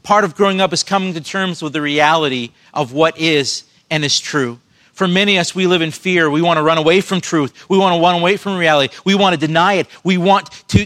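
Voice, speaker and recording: Male pastor, slightly raised pitch, earnest preaching delivery with questions to the congregation. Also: a bit bright. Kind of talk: sermon.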